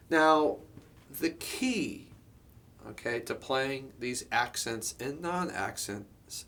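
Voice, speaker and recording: Drum teacher, male, average pitch; casual explainer, lots of "um" and "okay?". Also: vocal fry, a little hiss or hum. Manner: relaxed, explanatory, many fillers and "okay?" check-ins. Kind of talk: instructional lesson.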